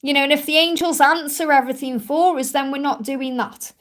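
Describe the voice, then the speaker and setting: A woman's voice: sits high, fairly even intonation, fairly quick, a bit bright. A woman from England with a strong Stoke-on-Trent accent, chatting and reassuring viewers as a spiritual reader in a live stream Q&A. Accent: Stoke-on-Trent English. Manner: chatty, reassuring, many "you know" fillers.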